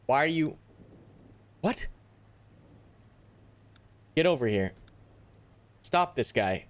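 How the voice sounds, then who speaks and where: A young man giving live commentary on a tactical shooter, animated and easily exasperated, groaning and swearing at setbacks. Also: medium pitch, extremely slow. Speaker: gaming YouTuber.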